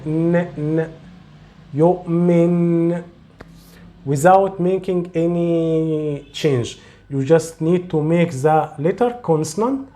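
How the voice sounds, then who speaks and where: A man's voice: sits high, mellow. A man teaching a pronunciation rule in a tutorial, explaining patiently, repeating himself and reciting example words. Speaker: Arabic and Quran recitation teacher.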